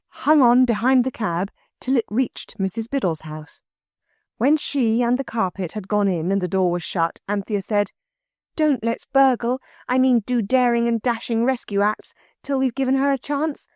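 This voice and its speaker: Expressive woman reading aloud. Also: medium pitch, no echo, clean studio sound. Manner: expressive, storytelling. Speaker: audiobook narrator. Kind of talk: scripted narration.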